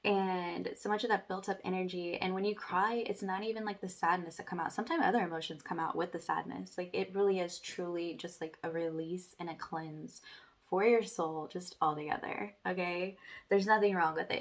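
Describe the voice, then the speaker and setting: A woman leading a guided spiritual workshop, chatty and casual, filling her talk with "like" and "okay", dropping to a soft hush for meditation. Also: on the low side, fairly even intonation, normal speed. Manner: chatty, says "like" and "okay" often; soft, hushed when guiding meditation.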